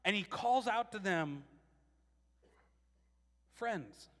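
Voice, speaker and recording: A man preaching a casual, animated sermon, restarting phrases often and acting out quotes. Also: sits high, moderate pace, big-room sound. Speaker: pastor.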